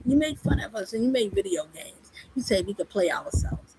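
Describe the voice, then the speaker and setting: A woman preaching a spiritual monologue, impassioned and full of rhetorical questions, over loud background noise. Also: mid-range voice, lively intonation, fairly quick, hardly any pauses. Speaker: spiritual speaker.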